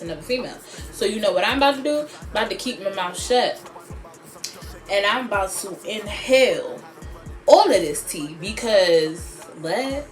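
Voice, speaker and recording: A woman vlogger talking straight to camera in an animated, sassy storytelling voice. She jumps between dramatic highs and muttered asides, and faint music plays under her. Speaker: beauty vlogger. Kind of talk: storytime vlog.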